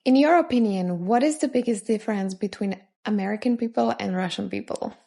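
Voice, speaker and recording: Woman host with a dark, gravelly voice. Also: medium pitch, a little fast. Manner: brief, direct questions. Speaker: podcast host. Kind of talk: interview questions.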